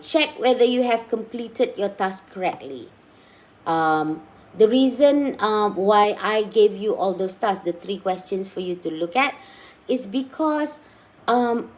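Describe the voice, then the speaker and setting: A woman's voice: a little high, darkish tone. Woman teacher lecturing a class. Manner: slows down to stress points, asks students questions.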